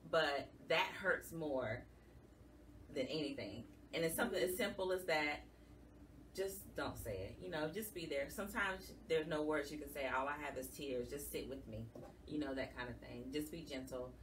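A woman's voice: sits low, a bit bright. A woman giving an earnest, emotional personal testimony as a guest in an interview. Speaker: guest, support group founder. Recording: somewhat distant mic with faint background noise.

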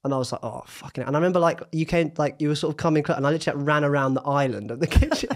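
A man's voice: a little high, rapid-fire. A young man hosting a podcast, telling stories in a hesitant, stammering, self-deprecating way. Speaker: podcast host. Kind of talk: casual chat.

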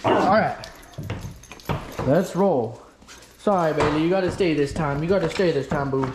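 A man's voice: a little high, normal speed, very noisy. A man chatting casually to camera while out on a lake, talking affectionately to his dog between comments. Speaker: vlogger. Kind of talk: casual outdoor vlog chat. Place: small boat on a lake outdoors.

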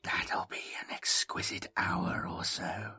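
A man voicing a mocking, half-mad robot with a trapped mind, speaking in a hushed, purring half-whisper. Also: slow, no room sound, clean studio sound. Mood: menacing.

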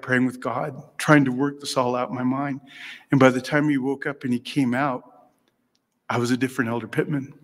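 Man, earnest storyteller at a lectern, long hall reverb. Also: medium pitch. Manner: earnest storytelling, acting out his own thoughts. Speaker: speaker giving a religious lecture. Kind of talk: devotional talk with personal stories. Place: meeting room before an audience.

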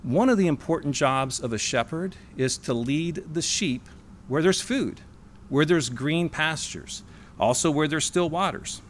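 A man preaching in a church hall, leaning hard on single words and slowing down for the key phrases. His voice sits a little high and moves a lot in pitch. A faint hum of the room runs underneath. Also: animated. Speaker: sermonette speaker. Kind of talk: sermon.

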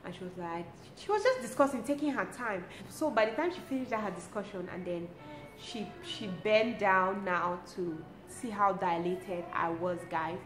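A young woman, telling a personal story to her vlog audience in a lively, expressive way and laughing often. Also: mid-range voice, moderate pace. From Cameroon. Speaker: lifestyle vlogger. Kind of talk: casual storytelling to camera. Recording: roomy with faint ambient noise.

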